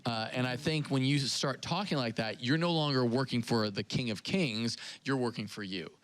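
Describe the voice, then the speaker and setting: A man's voice: medium pitch, normal speed, dry recording, low-quality recording. A man hosting a church podcast, talking casually and animatedly, telling stories with acted-out voices. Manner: animated storyteller, acts out quoted voices. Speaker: pastor and podcast host.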